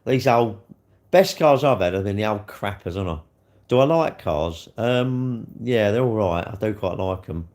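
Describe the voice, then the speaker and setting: A middle-aged man, chatting on a live stream in a loose, rambling way. His voice sits fairly low, and he swears freely as he answers viewers. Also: animated, moderate pace, a little mellow. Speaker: livestreamer. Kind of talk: casual live-stream chat.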